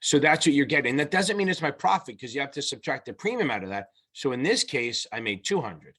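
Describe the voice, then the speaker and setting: Guy casually walking through exam prep, bright voice, pretty loose, swears now and then. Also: mid-range voice, sing-song, fairly quick, husky. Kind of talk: casual lesson explaining at a whiteboard.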